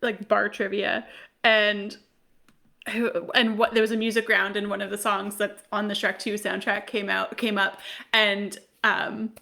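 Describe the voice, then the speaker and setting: A woman's voice: medium pitch, level tone, unhurried, vocal fry, pushed and bright. A woman co-hosting a podcast, chatting casually with giggles and rambling stories. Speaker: podcast co-host. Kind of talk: casual chat.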